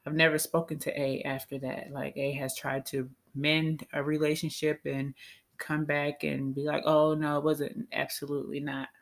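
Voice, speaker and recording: A woman's voice: low-pitched, little pitch movement, normal speed. A woman telling a personal story in a casual, candid, chatty way that often breaks into laughter.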